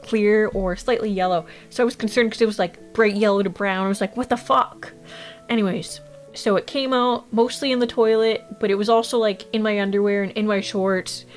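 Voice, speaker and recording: A young adult woman from Canada, a streamer chatting and telling a story, blunt and swearing freely. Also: medium pitch. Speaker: VTuber streamer. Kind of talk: casual stream chat and storytelling.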